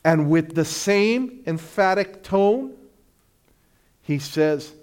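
A middle-aged male pastor preaching a sermon, swinging between loud, slow declarations and hushed, drawn-out lines. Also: high voice, animated, smooth.

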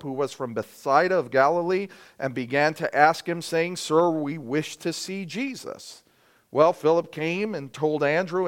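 Smooth-voiced male pastor preaching conversationally. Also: on the high side. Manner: conversational, repeats "right?" to the congregation; self-correcting, with fillers. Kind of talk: expository sermon.

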